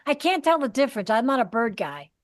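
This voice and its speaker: High pitched woman cohost rambling thru a story, chatty and casual. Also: sing-song, fast talker. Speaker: podcast co-host. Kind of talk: casual chat.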